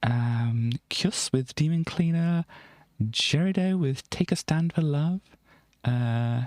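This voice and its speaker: A woman's voice: low-pitched, slow, a little mellow, dry recording, clean studio sound. A woman hosting a livestream, chatting casually as she reads out old music charts, rambling and chuckling with many ums and self-corrections. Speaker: livestream host.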